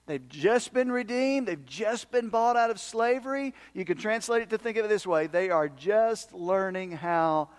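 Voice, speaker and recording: A man preaching a sermon as pastor, swinging from loud emphasis to hushed, near-whispered asides and shifting his pace for effect. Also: high-pitched, smooth. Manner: speeds up and slows down for emphasis.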